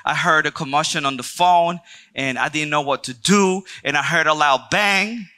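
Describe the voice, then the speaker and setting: A man's voice: a little high, normal speed, pushed and bright. A man giving a church breakout talk. He shares a personal testimony with the group, asks them questions, jokes with them, and talks earnestly. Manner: engages the audience with questions and jokes. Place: church meeting room.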